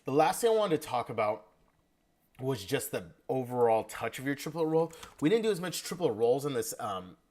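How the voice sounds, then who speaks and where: A man's voice: mid-range voice, sing-song, moderate pace, a little mellow, slight background noise. A man giving casual feedback in an online percussion lesson, now and then singing the rhythms on syllables. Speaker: percussion instructor.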